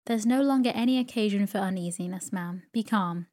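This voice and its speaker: A woman voicing a meek, mild-mannered male country doctor who speaks softly and deferentially. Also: mid-range voice, brisk, natural voice. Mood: meek, soothing. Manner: soft, gentle and deferential.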